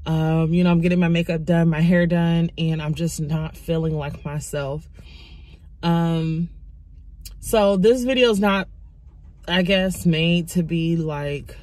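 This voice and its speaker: A woman in her twenties, tearful from crying, talking haltingly and candidly into her phone in a confessional vlog. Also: fairly low pitch, a little mellow, no room sound. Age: 20s. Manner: halting, raw and candid, many pauses. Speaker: YouTuber.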